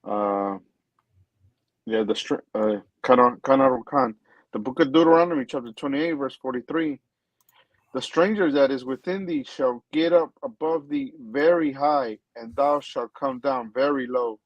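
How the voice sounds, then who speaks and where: A man co-hosting a talk show, reading Bible verses slowly and carefully. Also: mid-range voice, darkish tone, no echo, lo-fi sound. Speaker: co-host reading scripture.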